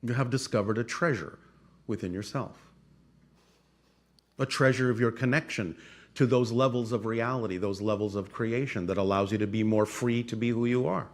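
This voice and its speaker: A man speaks in a formal, measured, channeled cadence, stacking repeated phrases and checking in with the listener. His pitch sits in a middle range, and his delivery stays steady and deliberate. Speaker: channeler answering audience questions. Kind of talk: channeled spiritual talk.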